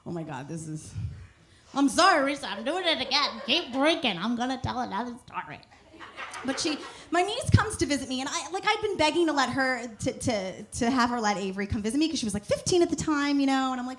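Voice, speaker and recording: A woman's voice: high-pitched, big pitch swings, a little fast, fairly bright tone. A woman comedian telling rambling, profane stories on a comedy club stage, restarting sentences and acting out dialogue. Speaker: stand-up comedian. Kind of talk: stand-up storytelling.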